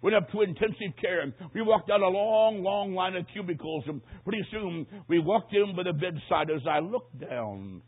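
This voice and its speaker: A man preaching a sermon, telling a story and acting out the voices, dropping to a hush and rising to a shout. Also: high voice, expressive, normal speed, hardly any pauses, breathy edge. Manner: swings from hushed to shouting, acts out quotes. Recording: tinny phone-like sound.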